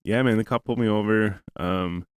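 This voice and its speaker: A podcast host with a lowish, clear, resonant voice and a brisk pace tells a rambling, profane story in casual chat. He acts out both sides of a conversation along the way.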